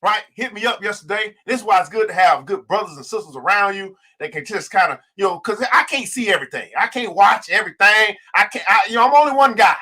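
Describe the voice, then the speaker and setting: A male livestream host with a high, bright, forceful voice. He talks straight to his viewers in a fired-up, preacher-like way, drawing out the words he wants to land. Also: animated, fast, hardly any pauses. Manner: fired-up preacher-like delivery, stretching key words; talks straight to viewers, greeting them by name. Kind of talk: livestream finance show.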